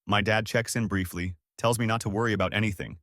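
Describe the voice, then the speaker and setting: A man's voice: lowish voice, steady tone, fast, fairly bright tone, no echo, clean studio sound. A man in his thirties narrating a first-person story from a script, in a wry, sarcastic way.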